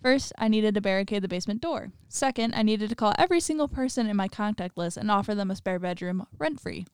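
Very clear-voiced woman reading horror aloud. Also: mid-range voice, expressive, quick pace, no echo, clean studio sound. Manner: laughs often, chatty asides with lots of "like". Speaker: story reader. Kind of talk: reading a horror story aloud with casual commentary.

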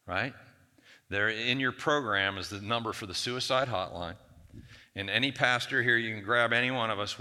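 A man pastor preaching a sermon to a congregation, acting out the whiny complaints of biblical figures in a raised voice. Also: sharp tone. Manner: acts out whiny biblical quotes in a raised pitch. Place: church hall. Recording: long hall reverb.

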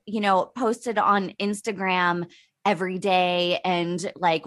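A woman hosts a podcast in easy conversation, with a bright, forward tone and a medium pitch. She agrees readily and chimes in with her own stories. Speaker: podcast host. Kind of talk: casual conversation.

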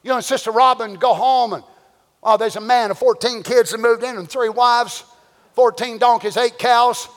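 A man preaching a sermon, swinging between folksy storytelling and shouted, drawn-out exhortation. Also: very high-pitched, fairly even intonation, in a large hall. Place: church sanctuary.

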